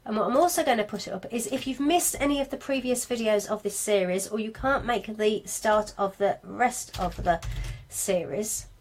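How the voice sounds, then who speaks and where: A woman from Birmingham with a clear Brummie accent leads a live video marketing class for craft sellers. She talks in a chatty, self-deprecating way and speaks straight to her viewers. Her pitch sits in an ordinary middle range. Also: normal speed, few pauses. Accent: Birmingham English (Brummie). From England. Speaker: craft business marketing teacher. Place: home studio with lights, indoors.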